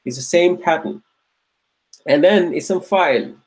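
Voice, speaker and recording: A man with a somewhat high voice leads an Arabic grammar class while writing on a board. He drills each word slowly and repeats it several times. He keeps checking in with his students to see that they are following. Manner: patient, drills words by repeating them slowly. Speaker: Arabic teacher.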